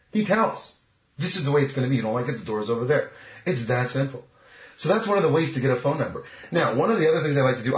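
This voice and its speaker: A man talking as a dating coach in an interview, cocky and emphatic. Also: mid-range voice. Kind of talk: casual interview talk. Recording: echoey, muffled lo-fi recording.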